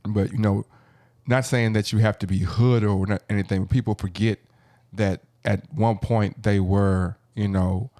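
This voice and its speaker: A man's voice: on the low side, steady tone, moderate pace, mellow, dry recording, studio quality. A man hosting a podcast, rambling and playful, often cutting in on others. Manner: rambling, self-interrupting, playful. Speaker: podcast host. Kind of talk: casual podcast banter.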